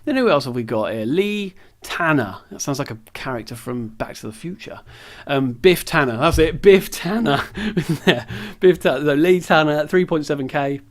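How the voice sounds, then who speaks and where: A man's voice: fairly high pitch, animated, moderate pace. A young man casually commenting while playing a football management game, rambling with self-deprecating asides, recorded on a camera's built-in mic while sitting on the floor at home. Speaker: gaming video creator. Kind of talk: casual let's-play commentary.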